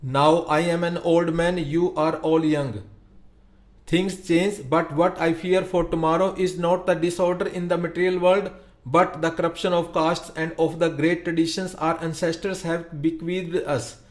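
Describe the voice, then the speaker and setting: A man's voice: a little high, little pitch movement, a little slow, close to an everyday voice. A man reading the part of an old traditionalist villager giving a solemn speech. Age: older. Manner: solemn, preaching.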